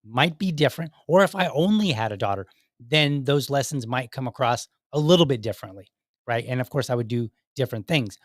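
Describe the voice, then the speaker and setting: A man's voice: mid-range voice, dry recording, studio quality. A man hosting his own podcast in a casual live-stream talk, rambling with many fillers and restarts. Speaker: podcast host.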